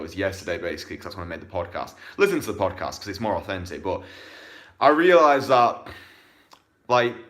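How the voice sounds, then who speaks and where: Young man, lower register, profane and blunt, casual coaching delivery. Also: fairly bright tone. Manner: blunt and profane, with bursts of fast talk. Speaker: dating coach.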